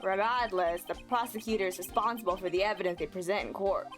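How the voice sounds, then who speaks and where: A woman voicing a gruff, earnest male police detective with a put-on New York accent, talking in a sheepish, plain way. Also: mid-range voice, fast talker, soft background music, pitched below the performer's own voice, natural voice.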